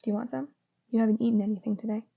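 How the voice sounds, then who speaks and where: A woman reading the lines of a teenage boy wizard, a softening former rival, speaking softly and sometimes near a whisper. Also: a little high, little pitch movement, very fast, vocal fry, husky. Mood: gentle. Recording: dull lo-fi recording.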